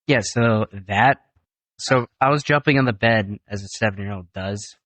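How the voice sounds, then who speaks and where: A young man on a family podcast, telling an animated story and swearing casually. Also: on the low side, normal speed, dry recording. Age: young adult. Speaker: guest, son.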